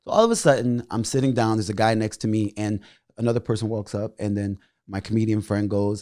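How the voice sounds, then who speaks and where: A young man, a stand-up comedian guest, telling stories in an animated, excitable way and swearing freely. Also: on the low side, a little fast, no echo, studio quality. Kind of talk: animated storytelling in casual chat.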